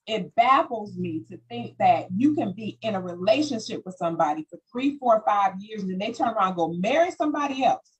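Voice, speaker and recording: A woman hosting a panel talk, telling stories in an animated way and acting out quoted voices. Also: on the high side, slightly rough, rough recording. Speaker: host. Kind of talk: panel discussion.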